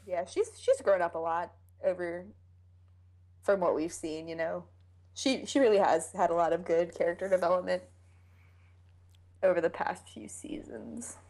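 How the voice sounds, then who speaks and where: A woman's voice: lowish voice, moderate pace, pauses often. A young woman co-hosting a casual fan podcast, chatty and acting out scenes she describes. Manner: chatty, quotes scenes in animated voices. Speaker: podcast co-host.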